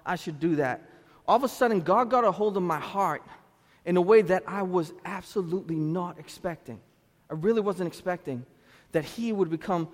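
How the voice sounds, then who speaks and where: A man in his thirties from Lynn, Massachusetts, with a Boston-area accent, preaching a sermon as a pastor through animated storytelling with street slang. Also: high voice. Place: church sanctuary. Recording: reverberant church hall.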